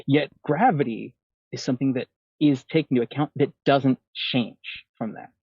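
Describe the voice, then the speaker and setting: A man's voice: medium pitch, moderate pace, slightly rough, no room sound. A man calling in to a talk show, rambling and restarting his sentences. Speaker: caller. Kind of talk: call-in conversation. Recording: muffled dry call line.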